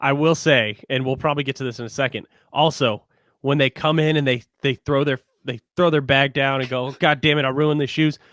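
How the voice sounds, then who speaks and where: A man's voice: medium pitch, fairly even intonation, a little fast, a bit bright, no room sound, studio quality. A man co-hosting a podcast, giving blunt, jokey relationship advice in a casual chat. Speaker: podcast co-host.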